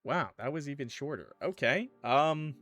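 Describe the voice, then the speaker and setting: A man streaming a game, chatting casually and thinking aloud in an animated way. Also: on the high side, normal speed, no room sound. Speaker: gaming streamer. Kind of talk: casual let's-play commentary.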